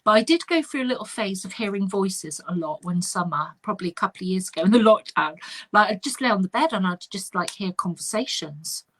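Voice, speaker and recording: A middle-aged woman, a spiritual medium telling an animated story in casual chat. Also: mid-range voice, brisk. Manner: animated anecdotal, chatty with fillers.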